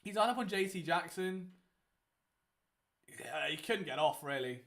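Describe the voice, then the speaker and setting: Speaking a little slowly, this young watchalong host has a high, fairly bright voice with lively intonation. His casual live game commentary is chatty and meandering, with many fillers.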